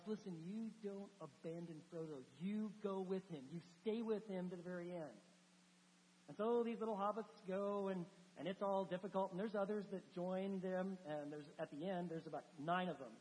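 High-voiced preacher in reverberant church. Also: male voice, slight background noise. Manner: animated storytelling, conversational asides. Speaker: pastor. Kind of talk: sermon. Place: church sanctuary.

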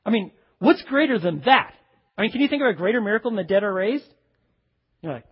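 A male pastor giving an animated sermon, asking his listeners questions and acting out quoted voices. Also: sits high, quick pace, breathy edge. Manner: animated preaching, acts out quoted voices, asks the audience questions. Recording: dull sound with long hall reverb.

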